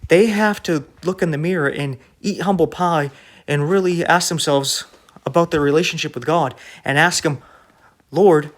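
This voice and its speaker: Emphatic preaching man, higher voice. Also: moderate pace, a bit bright. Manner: emphatic, rebuking, asks rhetorical questions. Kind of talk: online sermon.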